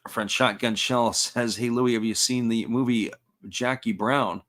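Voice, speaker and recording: A man's voice: mid-range voice, measured pace. Man calling baseball play-by-play. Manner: steady, folksy play-by-play with asides to chat. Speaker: play-by-play commentator. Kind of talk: live baseball commentary.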